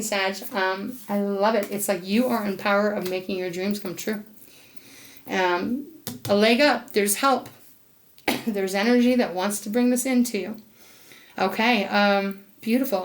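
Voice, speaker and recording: A woman giving a casual tarot reading to camera, chatty and enthusiastic, talking aloud to spirit, laughing often and coughing now and then. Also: mid-range voice. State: occasional coughing. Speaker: tarot reader.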